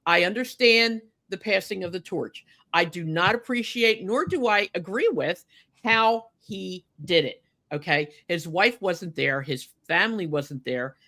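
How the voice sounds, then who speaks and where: Bright and forceful, her voice sits on the low side as she co-hosts a podcast. She talks casually but grows indignant over a wrestling match, stumbling through plenty of restarts and fillers.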